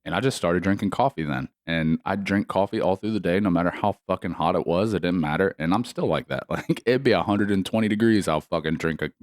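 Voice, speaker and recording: A man's voice: deep voice, fairly quick, few pauses, no echo, studio quality. A man co-hosting a podcast in casual chat, cursing freely and laughing often. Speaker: podcast co-host.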